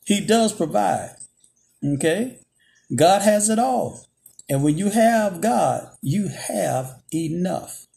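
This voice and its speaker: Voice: mid-range voice, animated, takes it slowly, gravelly, mellow. A preacher delivering a sermon in emphatic, repetitive phrases, checking in with "Okay?". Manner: emphatic call-and-response phrasing, repeats "Okay?".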